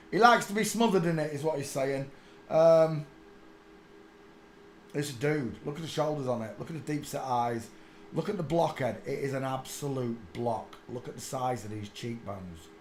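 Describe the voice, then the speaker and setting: A man's voice: medium pitch, darkish tone, a little hiss or hum. A man, rambling crudely through a casual live stream and mocking himself. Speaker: host. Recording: echoey room.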